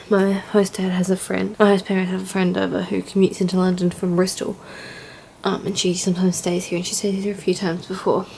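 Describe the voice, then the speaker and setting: A young woman talks straight to camera in a casual home vlog, rambling and chatty. Her voice sits at an everyday middle pitch. She speaks in an open, heartfelt way. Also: darkish tone, a little hiss or hum. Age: young adult. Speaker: au pair vlogger. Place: indoors at home.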